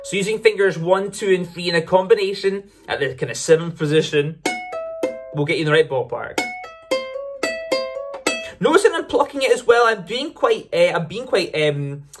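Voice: medium pitch, sing-song, normal speed, pauses often, music in the background. An ukulele teacher explaining licks in a casual, upbeat way, often correcting themselves mid-sentence. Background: ukulele playing between phrases.

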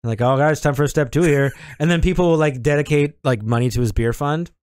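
A man's voice: on the high side, quick pace, darkish tone, smooth, no echo, clean studio sound. Laid-back swearing podcast co-host, man. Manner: laid-back, swearing, rambling with many likes. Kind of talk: casual chat.

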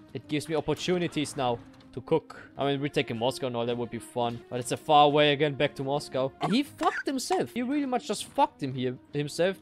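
A young man commenting on his strategy game as he plays, excitable and swearing, swinging from low mutters to sudden shouts. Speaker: gaming streamer.

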